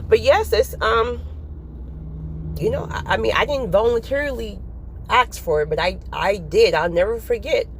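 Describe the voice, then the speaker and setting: A woman giving a casual spiritual talk to her viewers, animated and often breaking into laughter. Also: fairly high pitch, normal speed, a little hiss or hum. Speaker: faith vlogger.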